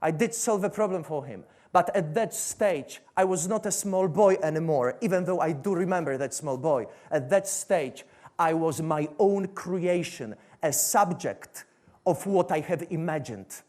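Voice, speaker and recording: A man's voice: fairly high pitch, a little slow, a little mellow. A man with a Polish accent giving a motivational stage talk as a coach, pressing his point with rhetorical questions and repetition. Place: stage before a seated audience.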